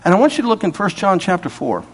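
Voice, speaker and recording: A middle-aged man preaching a sermon, animated and laughing, acting out little back-and-forth dialogues. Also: high-pitched, fast, slightly rough.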